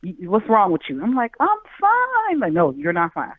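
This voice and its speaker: On a tinny, dry phone line with a little hiss or hum, a man in his forties from Chicago, USA, is a guest on a call-in chat. His high-pitched voice moves a little fast as he animatedly tells a story and acts out its voices.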